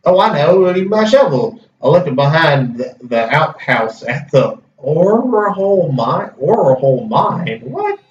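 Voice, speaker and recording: A man's voice: fairly high pitch, big pitch swings, measured pace, hardly any pauses, slight background noise. A man voicing a friendly old-west townsman with a put-on Southern drawl, reading game dialogue. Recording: roomy, distant, dull, faint music.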